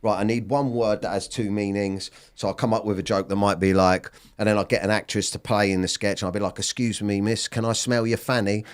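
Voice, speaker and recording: A man's voice: on the low side, little pitch movement, quick pace, hardly any pauses, smooth. A man in his thirties, a comedian, talking bluntly in an interview, swearing freely and often restarting his sentences. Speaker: comedian guest. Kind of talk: candid interview talk.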